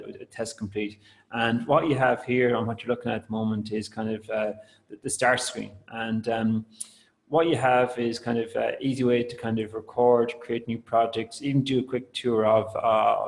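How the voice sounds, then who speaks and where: A man presenting a software tool in a webinar, talking loosely with many fillers and restarts. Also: on the low side, poor audio. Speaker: product presenter. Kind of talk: webinar talk.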